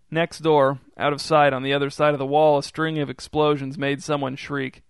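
A man reading a story aloud in an even, measured way. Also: a little high, smooth, no echo. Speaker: narrator.

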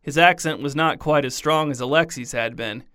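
A man narrating a story in a deadpan, scripted reading. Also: a little high, moderate pace, smooth, no echo, clean studio sound.

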